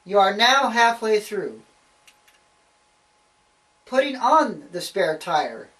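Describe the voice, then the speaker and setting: Young male student, high voice, folksy class demo speech, mic across the room. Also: sing-song, slow pace, sharp tone, recorded from a distance, poor audio. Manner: folksy, addresses listeners as folks, self-deprecating asides. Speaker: student giving a demonstration speech.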